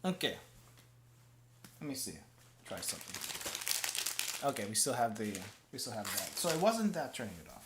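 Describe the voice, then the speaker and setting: A man's voice: medium pitch, big pitch swings, normal speed, long pauses, heavy background noise. A man streaming as a VTuber, chatting casually while tasting snacks. He rambles, restarts his phrases, and talks around a mouthful of gum. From United States. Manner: rambling and self-correcting, often restarts phrases.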